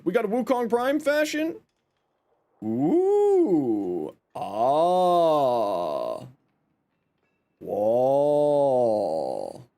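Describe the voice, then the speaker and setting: A man hosts a live game stream in a high voice. His pitch jumps around a lot as he chats casually, greets viewers by name and throws in playful sarcasm. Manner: upbeat, greets chat by name.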